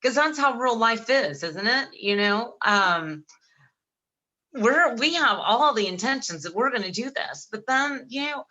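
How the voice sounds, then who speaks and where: This middle-aged woman, co-hosting a casual podcast, speaks a little slowly in a fairly high voice. She's an animated storyteller who performs both sides of conversations and frequently laughs partway through sentences.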